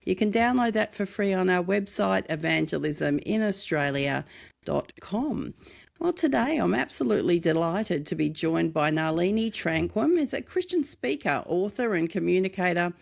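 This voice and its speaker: A woman host reading a scripted podcast intro and then interviewing a guest. Her voice sits low and swings widely in pitch, with a gravelly fry at the phrase ends. She sounds upbeat and welcoming. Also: very animated, moderate pace.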